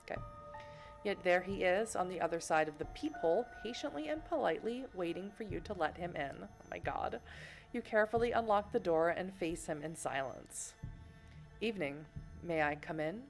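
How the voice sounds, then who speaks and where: A woman from Boston reads a video game's story text aloud on a livestream. She breaks off often for playful, giggly comments to her chat. Her voice sits a little low, and soft music plays underneath. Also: expressive, brisk, vocal fry. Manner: playful, giggly, chatty asides. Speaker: streamer. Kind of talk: reading game text and chatting on a livestream.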